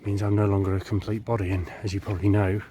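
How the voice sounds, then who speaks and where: A man's voice: on the low side, level tone, fast talker, dark tone, slight background noise, natural voice. A man voicing the earnest, formal ghost of a dog. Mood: solemn. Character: solemn ghost of a pub dog.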